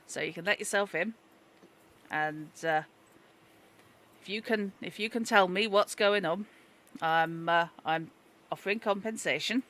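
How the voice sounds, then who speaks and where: A woman doing a gruff Yorkshire businessman. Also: lowish voice, a bit bright. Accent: put-on Yorkshire. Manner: brusque, hesitant haggling with "uh"s. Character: gruff self-made Yorkshire businessman, older man.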